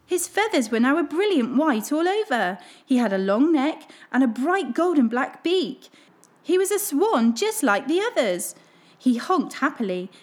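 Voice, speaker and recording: A woman hosting a children's story show, reading a storybook aloud in an expressive, animated way. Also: high voice. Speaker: children's story reader, host.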